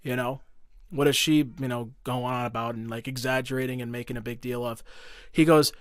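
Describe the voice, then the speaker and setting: A man's voice: mid-range voice, steady tone, brisk, no echo, studio quality. A young man telling a long personal story in a casual podcast chat, heated and profane, full of fillers and restarts. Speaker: podcast guest.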